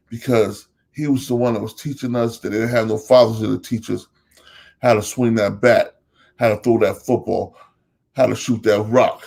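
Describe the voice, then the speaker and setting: A man's voice: lowish voice, steady tone, moderate pace, vocal fry, a little mellow. Host, man, New Jersey accent, emphatic casual monologue, lists names and repeats lines. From Elizabeth, New Jersey.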